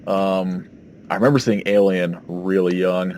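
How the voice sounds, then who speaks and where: A man's voice: sits low, level tone, a little slow, darkish tone, a little hiss or hum. A man co-hosting a podcast in casual chat, rambling and hesitant as he recalls things. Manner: rambling, hesitant, full of "like" fillers. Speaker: podcast co-host.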